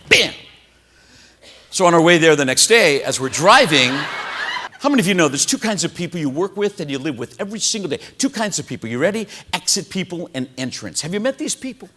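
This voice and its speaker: A man giving a motivational keynote speech to a live audience, animated, exclaiming and firing questions at the crowd. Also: high voice, a little fast. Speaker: motivational speaker. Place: hotel event hall.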